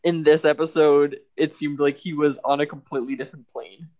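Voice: mid-range voice, level tone, a little fast, darkish tone. A podcast co-host recapping a TV episode in casual chat, laughing often. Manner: laughs often, loose and chatty.

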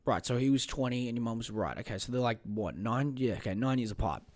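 Swearing and rambling through his solo podcast, this host mutters and pokes fun at himself as he searches for material. He speaks fast in a mid-range, slightly mellow voice.

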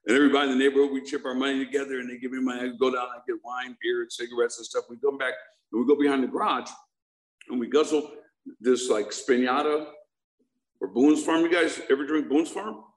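A man's voice: mid-range voice, fairly even intonation, quick pace. Man telling a joking story in an echoey room. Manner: joking, conversational, puts audience questions. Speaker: speaker sharing his recovery story. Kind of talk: humorous personal storytelling to a live audience.

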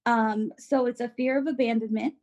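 Woman, podcast co-host, casual chat, husky gravelly voice, mellow tone, animated. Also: a little high, normal speed, muffled recording. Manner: animated, acts out quoted voices, many fillers.

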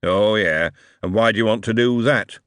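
A man doing a blunt, argumentative dwarf in a bar, loud and rough in an audiobook. The voice rises and falls a lot and sounds dry and close. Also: mid-range voice, animated, normal speed, no echo, close to an everyday voice. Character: gruff male dwarf drinker, blunt, argumentative.

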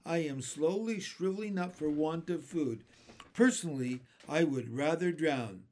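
A man's voice: fairly high pitch, a little slow, a little mellow, voice pushed up, natural voice. A man reading aloud and voicing a gloomy, complaining blind male earthworm from a storybook. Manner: complaining, doom-laden.

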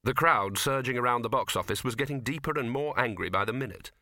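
A man's voice: mid-range voice, quick pace, pushed and bright, no room sound. A man narrating a comic fantasy audiobook, shifting his voice for each character.

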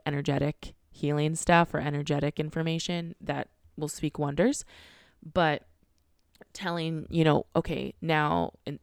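Young adult woman, low smooth voice, chatty coach rambling with fillers, dry close sound. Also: no echo. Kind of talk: casual podcast monologue.

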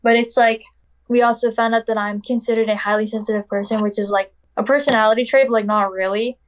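Chatty young woman with a high voice. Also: steady tone, fast talker. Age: young adult. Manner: chatty, peppered with "like" and "literally"; acts out quoted dialogue. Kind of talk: casual personal storytelling.

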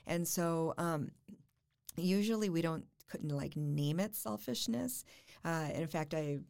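Low gravelly-voiced woman therapist. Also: darkish tone. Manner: thoughtful, measured, builds points through repetition. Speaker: family and marriage therapist, guest. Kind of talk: reflective interview answer.

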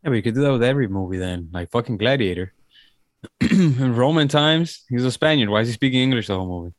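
A man's voice: mid-range voice, lively intonation, dry recording, clean studio sound. A man co-hosting a casual movie review podcast, talking bluntly and swearing often. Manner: rapid, profane, blunt. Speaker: podcast co-host.

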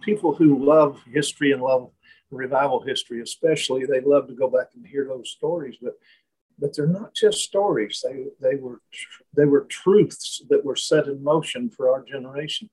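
A man speaking as a guest, telling a reflective story in conversation, halting and restarting often. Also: mid-range voice, darkish tone, husky, rough recording. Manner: slow, halting, many restarts and fillers.

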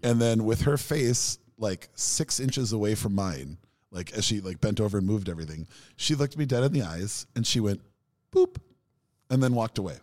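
A man's voice: on the low side, moderate pace. A man co-hosting a podcast, telling stories in casual chat with enthusiasm. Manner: enthusiastic storyteller, animated. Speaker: podcast co-host.

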